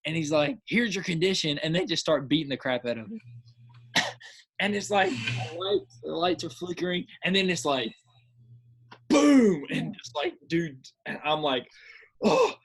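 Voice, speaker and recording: A man on a casual podcast, talking in an excitable, rambling way. His voice is husky and sits a little high for a man. He keeps acting out his own reactions as he goes. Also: normal speed. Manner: repeats filler words. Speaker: podcast co-host. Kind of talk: casual chat.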